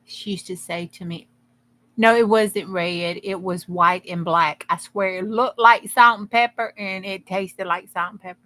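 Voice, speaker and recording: A woman hosts a late-night crafting livestream and chats casually with her viewers. Her voice is bright and forceful. She rambles from one thing to the next with folksy humor. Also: mid-range voice, steady tone, measured pace.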